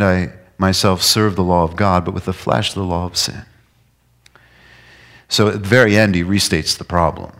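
A middle-aged man preaching a sermon, shifting between emphatic, raised declarations and quiet, hushed passages. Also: lowish voice. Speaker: pastor.

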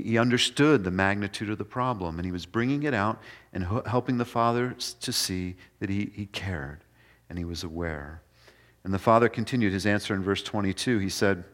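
A man preaching a sermon in an earnest way, going from quiet passages to emphatic ones. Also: on the low side, a little fast. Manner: earnest, swings between soft and emphatic.

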